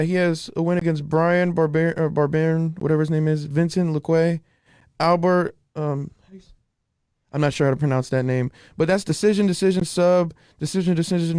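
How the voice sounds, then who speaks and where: Dude cohosting a fight podcast, kinda high voice, rambly, dry close sound. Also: male voice, a little mellow, clean tone, dry recording. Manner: rambling, restarts, reads stats aloud. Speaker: podcast co-host. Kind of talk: casual chat.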